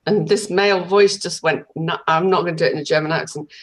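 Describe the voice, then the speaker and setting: A woman in a casual spiritual conversation, giving short affirmations and telling stories briskly. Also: fairly low pitch, steady tone.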